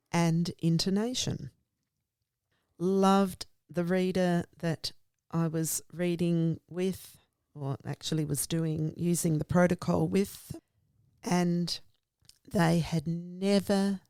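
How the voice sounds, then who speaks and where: A woman's voice: lowish voice, flat delivery, slow, a little mellow, smooth, no room sound. A woman guest speaker explaining literacy teaching in an earnest, emphatic way, often in lists. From Australia. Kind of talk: conversational explanation.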